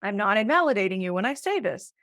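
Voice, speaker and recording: A woman co-hosting a relationship podcast, explaining ideas in a lively conversational way and acting out short quoted lines. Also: medium pitch, fast, dry recording, clean studio sound. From Italian heritage. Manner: animated, acts out quoted voices. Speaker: podcast co-host, relationship therapist.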